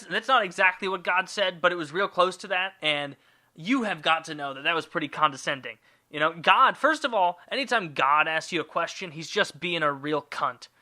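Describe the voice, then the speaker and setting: Crude, bright-voiced comic storyteller man. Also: high voice. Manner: crude, rambling, sarcastic. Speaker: podcast host.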